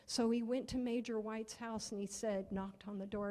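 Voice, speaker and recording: A woman's voice: fairly high pitch, fairly even intonation, moderate pace, warm tone, in a large hall. A woman telling a children's story at church, asking the children questions and often dropping to a near-whisper.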